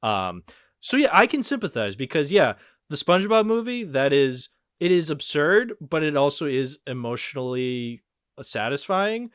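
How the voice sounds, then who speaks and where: A man in his twenties hosting a podcast, chatting casually about movies in a rambling, excitable way and swearing freely. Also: on the high side, moderate pace, clear, resonant tone, no room sound, clean studio sound. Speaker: podcast host. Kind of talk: casual movie-review chat.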